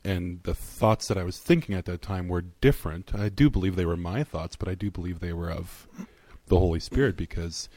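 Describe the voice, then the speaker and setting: A man's voice: low-pitched, brisk, hardly any pauses, mellow, no room sound. A man co-hosting a faith podcast, reflective and earnest as he shares a personal story. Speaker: podcast co-host. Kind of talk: casual podcast chat.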